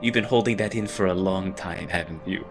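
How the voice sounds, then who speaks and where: A man's voice: mid-range voice, big pitch swings, normal speed, fairly bright tone, faint music behind. A man voicing a sultry, soothing woman who brings dreams, cooing and calling people honey.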